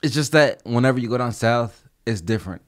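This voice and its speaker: Lively New Jersey guest. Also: male voice, mid-range voice, a little fast. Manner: animated, slips into mocking impressions. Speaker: podcast guest. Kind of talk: casual chat.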